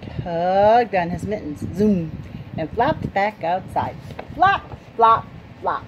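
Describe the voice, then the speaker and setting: Storytime reader: woman, slow and very expressive, fairly high, noisy home recording. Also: dull audio. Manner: slow, animated, asks listeners questions. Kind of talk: reading a picture book aloud to children.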